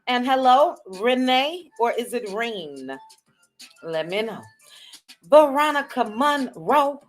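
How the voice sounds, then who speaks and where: Slow-talking woman hosting a live chat. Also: on the high side, lively intonation, soft background music. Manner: drawn-out, chatty greetings. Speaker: livestream host. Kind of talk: casual live chat greeting viewers.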